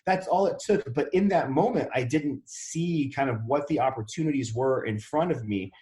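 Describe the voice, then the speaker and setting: A man's voice: mid-range voice, normal speed, mellow. A man telling his story as a podcast guest, acting out the dialogue he quotes. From Wisconsin. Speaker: podcast guest, real estate investor. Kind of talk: casual interview storytelling. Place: Dallas, Texas. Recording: roomy echo.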